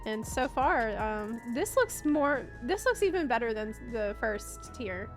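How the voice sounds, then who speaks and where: Chatty woman streamer with a higher voice. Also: expressive, measured pace, over music. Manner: chatty, thanks viewers between game scenes. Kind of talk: casual live-stream chat.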